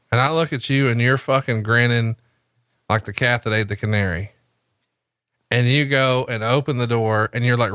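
A man's voice: medium pitch, fairly bright tone, no room sound, studio quality. A man hosting a podcast, telling a crude, teasing story about his co-host in casual chat.

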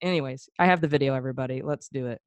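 A woman's voice: very deep voice, rapid-fire, clear, resonant tone. A woman in her thirties, hosting a casual chat and telling a story in a chatty way, laughing often. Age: 30s. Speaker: podcast host.

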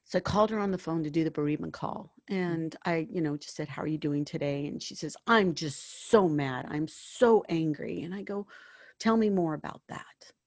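A woman's voice: low voice, fairly quick, darkish tone, no room sound, clean studio sound. A woman working as a hospice and bereavement counselor, talking earnestly about faith and telling stories from her work. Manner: earnest, storytelling, spiritual. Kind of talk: conversational interview.

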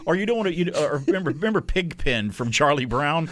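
Fast-talking, animated man hosting radio. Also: a little high. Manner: rambling, jokey, self-deprecating, laughs often. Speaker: radio show host. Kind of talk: casual chat. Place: radio studio.

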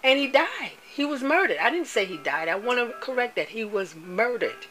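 A woman giving an impassioned monologue, speaking deliberately, stressing and repeating words and spelling some out. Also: fairly high pitch, sing-song, bright, forceful tone, faint music behind, rough recording.

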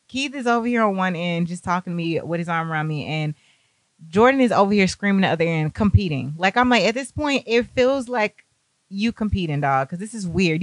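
A young woman telling a party story, animated and profane, acting out what people said. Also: medium pitch, no echo. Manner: animated, profane, acts out quotes. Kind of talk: casual storytime.

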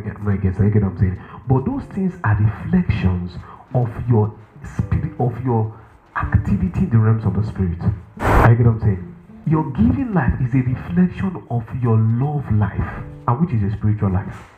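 Emphatic male preacher on a tinny line. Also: fairly low pitch. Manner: emphatic, repeats himself, asks the crowd if they follow. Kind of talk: sermon. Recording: echoey room on a tinny, phone-like line.

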